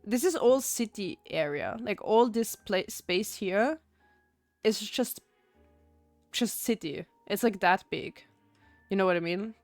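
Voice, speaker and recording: A woman's voice: medium pitch, expressive, takes it slowly, dry recording, soft background music. A young woman from Austria, chatting casually while streaming a game, rambling with many fillers and restarts. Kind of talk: casual gameplay chat.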